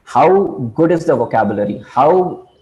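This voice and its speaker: A man presenting a slide lecture in a halting way, with many fillers and restarts. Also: a little high, expressive, a little mellow, lo-fi sound.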